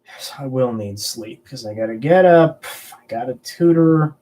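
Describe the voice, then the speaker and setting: On a rough recording, this collectibles channel host from the Southern United States sounds animated, with a warm mid-range voice and a measured pace. The young man runs a loose live stream, fielding viewer questions casually and rambling along with plenty of cursing.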